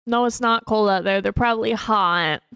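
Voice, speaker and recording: A woman's voice: medium pitch, moderate pace, gravelly, a bit bright, clear, resonant tone, dry recording. Woman streamer, casual rambling chat, self-mocking with lots of giggles, mid-range voice, close and dry. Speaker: livestreamer.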